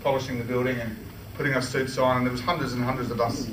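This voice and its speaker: In a meeting room, an Australian club speaker tells a humorous story about himself, his medium-pitched voice quick and fairly flat. He keeps restarting and laughing in a chatty manner, and the recording comes from far off in a roomy, noisy hall.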